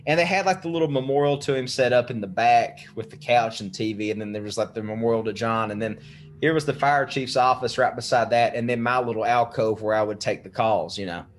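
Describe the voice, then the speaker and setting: A man's voice: mid-range voice, a little fast, slight background noise. A young man casually telling a spooky story on a podcast, swearing freely and laughing as he goes. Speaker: podcast guest.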